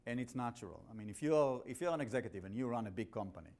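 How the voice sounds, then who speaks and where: A man's voice: mid-range voice, expressive, very fast, darkish tone. A man with an accent giving a classroom lecture as the instructor, blunt and jokey, often restarting his sentences. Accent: non-native English.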